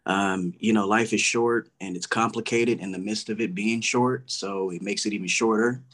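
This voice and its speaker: Man from Los Angeles, guest; relaxed, halting delivery. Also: fairly low pitch. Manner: relaxed, hesitant, many "um"s and repeats. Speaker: podcast guest. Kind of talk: casual video-call interview.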